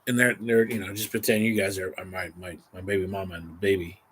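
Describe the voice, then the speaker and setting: A man vlogging, telling a rambling, animated story casually to the camera. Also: low voice, fast, a little hiss or hum. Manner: rambling, animated, exaggerating for effect.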